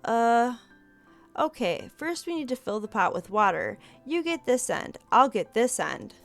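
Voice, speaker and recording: A bubbly woman reads a story game aloud, high-pitched and very lively. She takes her time with the lines, and soft game music runs underneath. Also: a little slow, gravelly. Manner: bubbly, giggly, animated. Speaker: game streamer. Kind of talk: reading a visual novel aloud.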